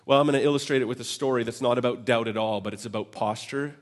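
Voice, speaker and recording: Male pastor, sermon delivery, animated storytelling, acts out quotes, mid-pitched voice. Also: fast talker.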